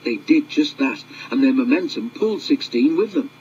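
A man narrating a children's railway storybook in a measured, expressive reading. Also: mid-range voice, dull audio, slight background noise.

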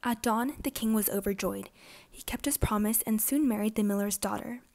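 A woman reading a fairytale aloud for young children, clear and expressive. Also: mid-range voice, normal speed. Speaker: storybook reader. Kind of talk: children's storybook narration.

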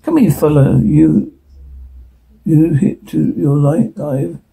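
Male solo dubber voicing the full cast; gravelly, husky, mellow tone, reads sound cues aloud. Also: on the high side, slow, rough recording. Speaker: voice performer. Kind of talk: solo dub of a TV scene.

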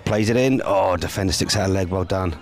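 A man doing casual co-commentary on a football match outdoors in the rain, with dry banter and steady play-by-play. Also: low voice, brisk.

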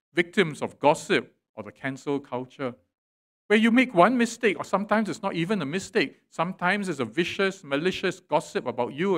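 A male pastor, preaching a sermon in church, swelling loud and dropping quiet for emphasis. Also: a little high. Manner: preaching with dramatic swells and drops in volume. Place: church sanctuary.

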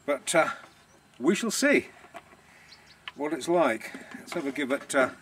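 A man's voice: on the high side, expressive, unhurried, a bit bright, slight background noise. A man, the owner of a villa rental business, chatting casually on a vlog in a self-deprecating, savouring way.

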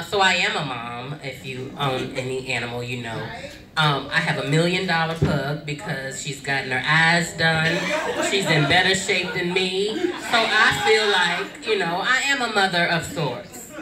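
A woman's voice: low-pitched, moderate pace, distant mic. A woman from Alexandria co-hosting a comedy panel, telling stories in a spirited, laughing way. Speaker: comedy show co-host. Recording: echoey live venue, mic from afar, crowd.

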